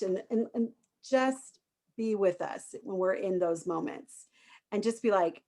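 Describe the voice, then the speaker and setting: A woman's voice: medium pitch, moderate pace. A woman hosting a panel discussion over a video call, speaking emphatically and encouragingly. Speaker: host.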